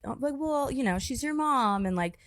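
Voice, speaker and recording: A woman's voice: high-pitched, expressive, dry recording, clean studio sound. A young woman in her twenties co-hosting a podcast, talking in a sympathetic, casual way with lots of fillers. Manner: sympathetic, quick, filler-heavy. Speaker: podcast co-host. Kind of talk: casual chat.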